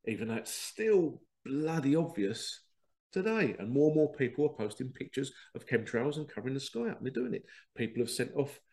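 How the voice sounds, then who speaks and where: A middle-aged man, talking in a casual, animated podcast monologue, laughing at himself and acting out remembered conversations. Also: medium pitch, fairly quick. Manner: animated, self-laughing, quotes others in dialogue. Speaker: podcast host.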